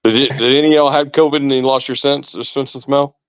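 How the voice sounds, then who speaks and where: A man's voice: mid-range voice, flat delivery, quick pace, smooth, no room sound. A man casually telling a rambling story with mild swearing on a podcast. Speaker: podcast co-host. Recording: dull lo-fi sound.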